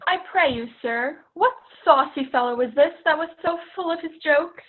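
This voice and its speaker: A woman's voice: sits high, moderate pace, natural voice. A teenage girl playing a fussy, wordy old nurse, acted in Shakespearean style over a video call. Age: teens. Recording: tinny video-call audio.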